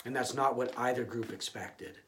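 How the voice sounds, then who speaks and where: A man's voice: mid-range voice, moderate pace, fairly bright tone, slight background noise. A male pastor giving a conversational sermon, often restarting and repeating words.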